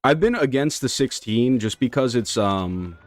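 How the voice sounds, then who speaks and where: A man's voice: mid-range voice, animated, measured pace, no echo. Laid-back slangy male streamer. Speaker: speedrun streamer. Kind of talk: casual live-stream chat while gaming.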